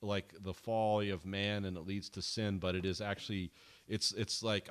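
Low-voiced man in casual podcast chat. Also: flat delivery, moderate pace, fairly bright tone, clear, resonant tone. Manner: rambling, hesitant, trails off. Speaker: podcast co-host. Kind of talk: casual film discussion.

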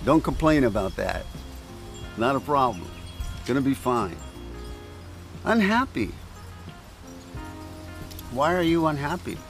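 A man's voice: medium pitch, sing-song, slow pace, pauses often, soft background music, rough recording. A man giving a conversational devotional talk outdoors in a breeze, asking his listeners questions. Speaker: preacher. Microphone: camera on a stand.

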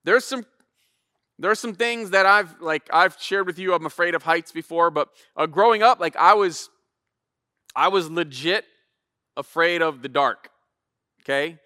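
Man, pastor, casual sermon, animated storyteller, clear voice, dry close sound. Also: high voice, measured pace, pauses often, dry recording.

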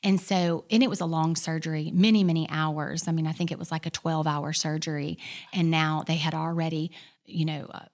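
An earnest woman recounting a dramatic family story as a guest on a talk show. Her voice sits a touch low for a woman. She shifts between hushed, whispered moments and fervent, rising declarations. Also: fairly even intonation, brisk. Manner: earnest storyteller, drops to a whisper for quoted prayers and builds to fervent. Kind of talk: personal testimony in casual talk.

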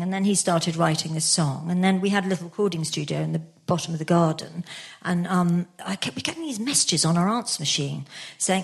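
A woman's voice: fairly low pitch, brisk, vocal fry. An older woman chatting as a guest, telling self-mocking stories with frequent laughter. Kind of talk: casual chat.

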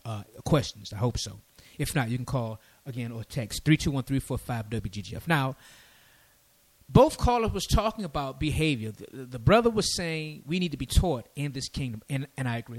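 A man hosting a call-in radio show and teaching from the Bible, animated, often repeating words to press a point. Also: a little high. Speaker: radio call-in host and preacher.

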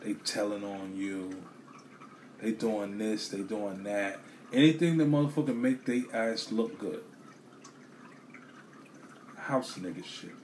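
A man telling a story as a profane rant, animated, swearing a lot and repeating himself. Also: on the low side, takes it slowly, pauses often, slight background noise.

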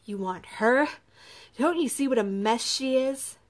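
A woman's voice: medium pitch, normal speed, lightly acted. A woman voicing a sneering cruel man. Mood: scornful. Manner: taunting, menacing. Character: sneering cruel male captor, mocking.

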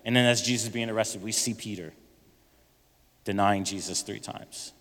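Animated preaching man in a reverberant hall. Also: fairly low pitch, normal speed. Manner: animated preaching, acting out Bible figures' lines. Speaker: pastor. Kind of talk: sermon.

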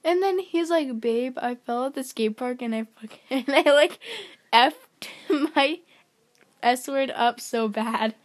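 A young woman casually retelling a dating story, giggling and quoting text messages in a flat voice. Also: high-pitched, measured pace. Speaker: co-host. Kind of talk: casual gossip chat.

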